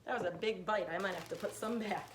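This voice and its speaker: A woman giving a hands-on science lesson to children, explaining each step clearly and patiently. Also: medium pitch, fast, slight background noise. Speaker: science teacher. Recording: echoey room.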